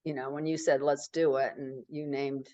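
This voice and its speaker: A woman's voice: very deep voice, flat delivery, normal speed, warm tone, no room sound. A middle-aged woman author talking casually in an interview, rambling with many fillers and restarts.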